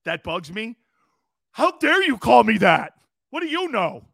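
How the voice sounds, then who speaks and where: Loud joking high-voiced male radio host. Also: sing-song, a little slow, vocal fry, dry recording, studio quality. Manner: loud, joking, laughs often, rambling. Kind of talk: casual sports talk radio.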